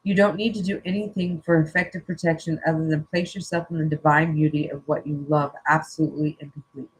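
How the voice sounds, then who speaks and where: A spiritual coach reads an inspirational passage aloud, slow and earnest, with a husky, breathy tone. The pitch sits in a middle range, and the voice sounds teary-eyed throughout. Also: fairly even intonation, poor audio. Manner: slow, earnest reading broken by casual joking asides.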